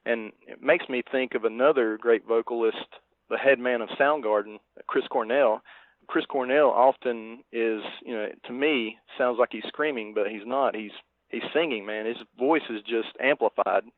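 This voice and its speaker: A man's voice: medium pitch, moderate pace, no echo. Podcast cohost guy, rambles and hesitates, sounds tinny like a phone, dead dry. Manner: meandering, hesitant. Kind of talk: casual chat.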